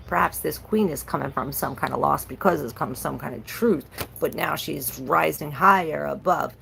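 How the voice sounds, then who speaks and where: A woman's voice: sits low, moderate pace, creaky, a bit bright, slight background noise, low-quality recording. A woman giving a casual, rambling tarot reading on a livestream, repeating herself and swearing now and then.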